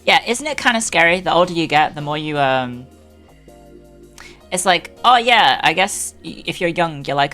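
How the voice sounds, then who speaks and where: A woman with a low voice hosts a live stream in a casual, chatty way. She greets her viewers one by one and laughs easily. Faint music plays underneath. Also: animated, fairly quick, fairly bright tone.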